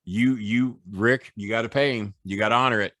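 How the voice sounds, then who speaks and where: A man's voice: on the low side, steady tone, a little fast, pushed and bright, dry recording. A fair-minded older wrestler firmly scolds a friend to keep his word, as a man quotes him. His voice is close and dry. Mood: stern.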